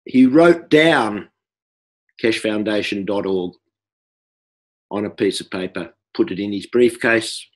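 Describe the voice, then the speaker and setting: Slow halting Australian man. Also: lowish voice. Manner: halting, with restarts and repeated words. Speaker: workshop participant. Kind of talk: personal storytelling.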